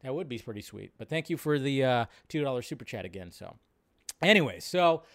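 A man hosting a casual livestream, reacting to posts in an excitable, profane, rambling way with many restarts. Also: mid-range voice, brisk, no echo, clean studio sound. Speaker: livestream host.

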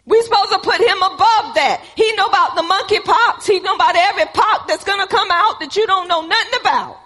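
A woman's voice: very high-pitched, fairly quick, a bit bright. A woman preaching a sermon, emphatic and repetitive, calling out to her congregation. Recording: reverberant hall.

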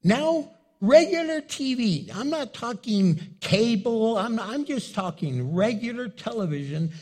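A middle-aged male pastor preaching in a husky, fairly high voice that swings widely in pitch. He speaks unhurriedly with a warm, mellow tone and acts out quick exchanges with his listeners. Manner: animated, acts out dialogue with the congregation. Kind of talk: sermon.

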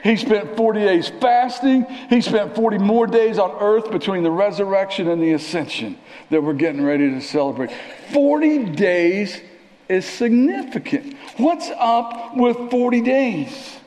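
A man preaching a sermon in a church, conversational and animated, sometimes dropping to a near whisper. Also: sits high, a little slow. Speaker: pastor. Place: church sanctuary. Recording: long reverb of a church hall.

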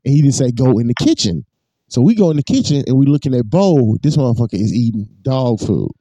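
A man telling a long, profane story in a casual podcast chat, swinging high and low as he acts it out. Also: expressive, quick pace, warm tone, dry recording.

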